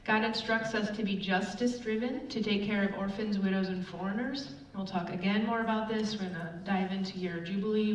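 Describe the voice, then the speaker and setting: Speaking fairly quickly and barely pausing, a middle-aged woman with a mid-range voice preaches a casual sermon. She animatedly shares chatty stories from her own life, leaning heavily on fillers. The sound is roomy, far off and dull, with faint room noise.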